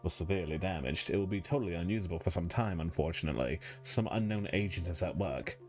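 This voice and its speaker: A man's voice: sits low, fast talker, darkish tone, soft background music, natural voice. A man voicing a stern male ship computer with a put-on British accent, giving formal, clipped orders.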